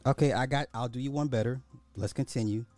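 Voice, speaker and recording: A man's voice: mid-range voice, quick pace, darkish tone, no room sound, faint music behind. A man hosting a commentary podcast, repeating rhetorical questions in disbelief and talking straight to his listeners. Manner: incredulous, repetitive, rhetorical questions; addresses listeners as y'all. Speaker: podcast host. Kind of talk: social commentary reacting to clips.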